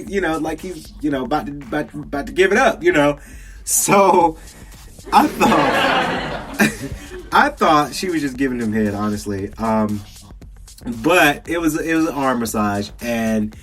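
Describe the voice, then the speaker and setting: With faint music behind him, a young adult podcast host from South Georgia gives a casual solo game review in a Southern accent. His voice is a little high, fairly bright, and animated at a moderate pace, and he rambles chattily, using many fillers and laughing frequently.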